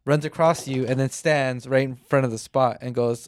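A man's voice: medium pitch, steady tone, normal speed, slight background noise. A man leading a casual chat with friends. He often laughs and repeats himself as he talks.

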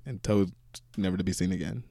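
A man's voice: low-pitched, fast, vocal fry, dry recording, studio quality. A man co-hosting a casual podcast, telling movie stories with swearing and laughter. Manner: animated storytelling, swearing, laughing. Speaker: podcast co-host. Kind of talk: casual chat.

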